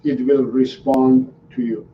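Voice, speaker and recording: A man, a dog trainer, answering viewers' questions on a live stream in an unhurried, halting way with many ums and restarts. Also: mid-range voice, level tone. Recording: roomy, distant, dull sound with faint noise.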